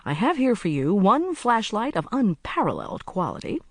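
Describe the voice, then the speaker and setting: A narrator putting on a blithe, chatty young male agent, pitched noticeably higher and lively in tone. He talks briskly and cheerfully, as in an audiobook, in a dry, close sound. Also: no room sound. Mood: breezy. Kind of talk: audiobook character voice.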